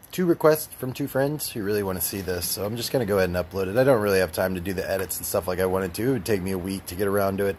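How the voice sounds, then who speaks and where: Sex: male. Role: vlogger. Style: casual walking commentary. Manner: rambling, filler-heavy. Pitch: low. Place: outdoor park, phone mic. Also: darkish tone, slight background noise.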